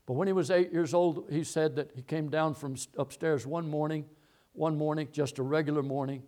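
A man's voice: fairly high pitch, fairly even intonation, fairly quick, dark tone. A middle-aged man preaching a sermon, telling a long story and repeating key phrases as he goes. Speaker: pastor.

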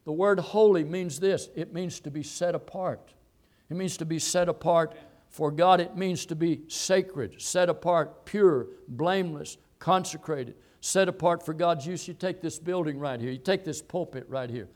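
A man preaching a sermon from a church pulpit, moving from calm teaching to hollering. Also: fairly high pitch, normal speed.

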